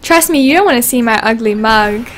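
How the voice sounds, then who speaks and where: A woman's voice: fairly high pitch, lively intonation, fairly quick, a bit bright, a little hiss or hum. A woman hosting a casual gameplay livestream, chatting and giggling as she reads game dialogue aloud. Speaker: livestream host.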